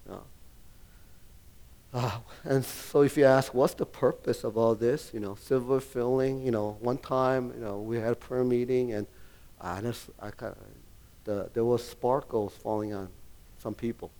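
A man's voice: mid-range voice, steady tone, unhurried, mellow. A middle-aged male pastor preaching a sermon, rambling with many fillers and restarts and laughing often as he talks.

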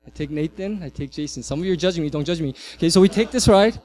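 A man in his thirties, a pastor, preaching a sermon and telling a family story with lively swings from loud to hushed. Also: fairly high pitch, fast talker.

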